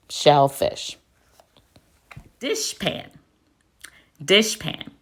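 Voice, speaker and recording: A woman teacher giving a phonics spelling lesson, speaking slowly and deliberately and spelling words out letter by letter. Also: sits low, a bit bright. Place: classroom.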